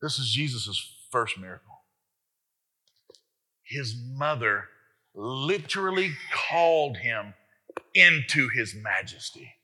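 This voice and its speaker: A man preaching a sermon as pastor, animated and emphatic, often speaking straight to the congregation with rhetorical questions. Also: medium pitch, slow, pauses often, husky.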